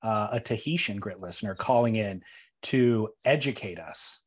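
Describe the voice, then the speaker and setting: A man co-hosting a podcast in casual chat, measured and thoughtful, stumbling a little over hard words. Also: lowish voice, husky. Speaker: podcast co-host.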